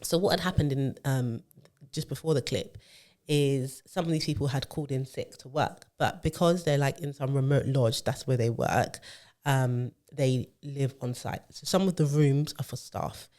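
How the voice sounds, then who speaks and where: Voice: mid-range voice, moderate pace, a little mellow. A podcast co-host, telling a long story in casual chat, full of fillers and restarts.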